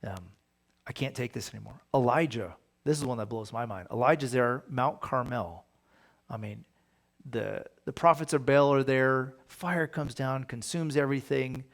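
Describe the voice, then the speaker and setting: A man's voice: medium pitch, moderate pace. A man, a pastor, teaching a Bible study in a casual, conversational way, often asking his listeners rhetorical questions.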